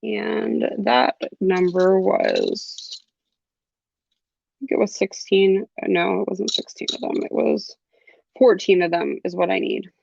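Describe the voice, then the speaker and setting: Chatty young woman instructor, gravelly fry, dry close audio. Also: mid-range voice, wildly swooping pitch, slow, darkish tone, no echo, lo-fi sound. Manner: chatty, laughs often, lots of ums. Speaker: jewelry class instructor. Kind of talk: live online craft class.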